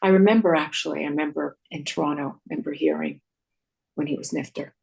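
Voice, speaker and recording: A woman host in casual chat with her guest, responding warmly and thinking out loud. Her voice sits a little low for a woman. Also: quick pace, creaky.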